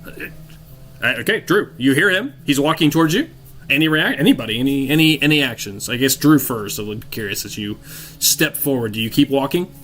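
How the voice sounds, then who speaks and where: A man's voice: medium pitch, lively intonation, fairly bright tone, slight background noise. A man running a tabletop role-playing game, narrating scenes with frequent restarts and fillers. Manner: halting, many restarts and fillers. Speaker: game master.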